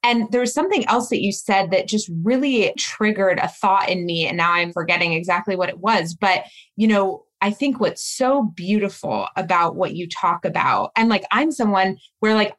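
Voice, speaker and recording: A woman's voice: mid-range voice, animated, normal speed, hardly any pauses, fairly bright tone. A woman hosting a conversation, chatty and affirming, with lots of fillers. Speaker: host. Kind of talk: casual chat.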